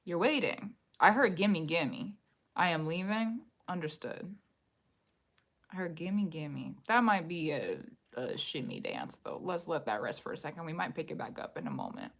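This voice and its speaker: A woman's voice: low-pitched, very animated, moderate pace, gravelly, a bit bright. Woman musing aloud on a live stream. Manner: repetitive, musing, talks to viewers directly. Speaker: tarot reader hosting a live stream. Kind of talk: live-streamed card reading.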